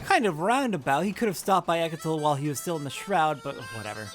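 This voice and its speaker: A man giving relaxed, offhand commentary while playing a video game. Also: fairly high pitch, quick pace, loud music behind the voice. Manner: laid-back, offhand, jokey. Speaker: let's play host. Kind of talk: casual gameplay commentary.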